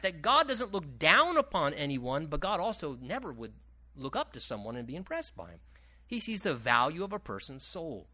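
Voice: mid-range voice, sharp tone. A pastor preaching a sermon at a church service, emphatic and fond of repeating key phrases.

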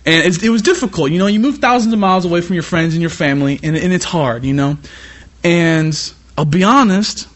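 A young man from California delivers a sermon in a fairly high voice. He preaches with animated energy, then slips into relaxed, chatty asides full of "you know.". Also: brisk. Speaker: youth pastor. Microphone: iPad.

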